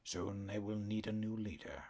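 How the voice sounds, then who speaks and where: Arcove, a man voicing a menacing giant cat. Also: lightly acted. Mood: quietly menacing. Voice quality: deep, quiet near-whisper. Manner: slow, soft-spoken threats, growling. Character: huge menacing male black cat warlord.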